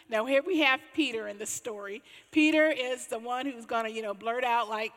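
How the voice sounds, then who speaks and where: A woman pastor preaching a sermon as animated storytelling, swelling to exclamations. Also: a little high, normal speed, few pauses, in a large hall.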